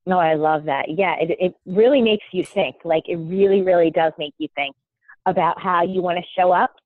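A woman's voice: lowish voice, normal speed, dry recording. A woman hosting a podcast, chatting casually and self-deprecatingly with lots of fillers over a remote call. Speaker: podcast host. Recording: thin phone-like call audio.

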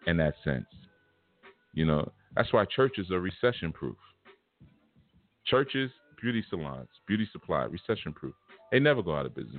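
A man with a very deep voice gives a spiritual lecture, preaching in a casual, emphatic way full of everyday slang. The audio is tinny and phone-like, with faint music in the background. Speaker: spiritual teacher.

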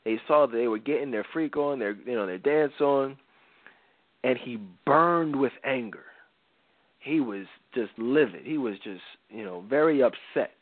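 A man's voice: mid-range voice, expressive, a little slow, dry recording. A man hosting a talk show, retelling a Bible story in casual slang and acting out the quotes. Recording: dry, phone-like radio sound.

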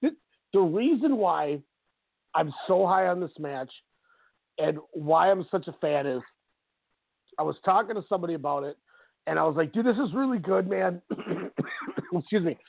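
A man with a gravelly, fairly high voice talks excitedly about a wrestling match on a casual podcast. He tells it as a story and acts out what people said. The sound is dry and thin, like a phone line. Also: measured pace, pauses often, dry recording. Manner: enthusiastic, animated storytelling with acted-out quotes. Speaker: podcast co-host. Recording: tinny phone-like audio, dry.

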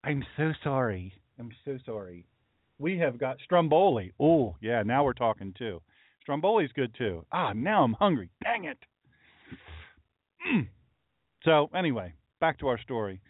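A man's voice: mid-range voice, big pitch swings, a little slow, no room sound. A middle-aged man, a pastor, chatting casually on a livestream with folksy, rambling asides to his chat. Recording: dry, phone-like lo-fi audio.

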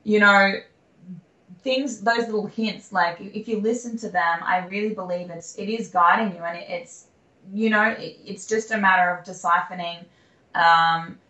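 Bright-voiced Australian woman, echoey room. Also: lowish voice. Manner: rambling, with many fillers and restarts. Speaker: guest, singer-songwriter. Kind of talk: candid personal storytelling.

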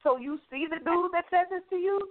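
A woman's voice: extremely high pitch, a little fast, no room sound. A woman hosting a talk show, asking teasing questions in casual banter. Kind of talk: casual chat. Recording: dry, phone-like sound.

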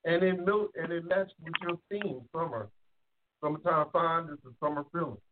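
A laid-back man co-hosting a music show, chatting casually and spelling out names for listeners. His voice sits a little high for a man. It comes through a thin, phone-like line. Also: steady tone, moderate pace. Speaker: co-host presenting songs. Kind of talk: casual radio-style chat. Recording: tinny phone-line sound.

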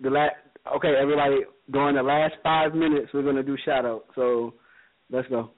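Fast-talking man co-host on a phone line. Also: medium pitch, steady tone. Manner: hurried, keeps cutting in to move the show along. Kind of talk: casual call-in radio talk. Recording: tinny phone-line audio.

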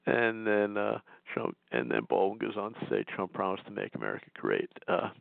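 A low, gravelly man rants indignantly on talk radio, sarcastic and quick to restart his sentences. The sound is dry and tinny, like a phone-quality line. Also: very animated, dry recording. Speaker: radio talk show host. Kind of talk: political call-in talk.

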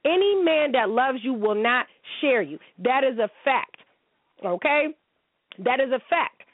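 A woman's voice: sits high, expressive, unhurried, no room sound. A woman in her forties hosting a show, ranting bluntly and cursing freely from home. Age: 40s. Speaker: show host. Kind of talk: casual monologue commentary. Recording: tinny phone-like line, dry.

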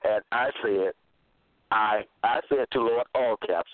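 A man's voice: fairly low pitch, dry recording. Man preaching over a tinny, phone-like line. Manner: halting, searching for verses aloud; repetitive, insistent. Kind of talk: self-made religious monologue citing scripture. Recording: narrow phone-like sound, dry.

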